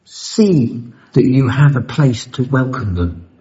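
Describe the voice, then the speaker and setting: A man's voice: medium pitch, animated, slow pace, dark tone. A man tells a story with a lot of movement in his voice. He is blunt, he swears, and he jokes as he talks. The live recording sounds a little dull and lo-fi. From London, UK. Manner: swearing, blunt and joking, acts out the voices of others. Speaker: recovery meeting speaker. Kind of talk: personal storytelling share. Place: convention hall.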